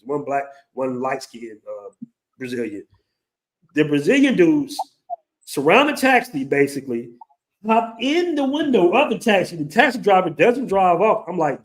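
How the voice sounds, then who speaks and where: A man in his forties with a fairly high voice spins a tale in casual talk. He is animated, acting out the people in the story and cussing casually along the way. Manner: animated, acts out quoted voices, swears casually. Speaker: host.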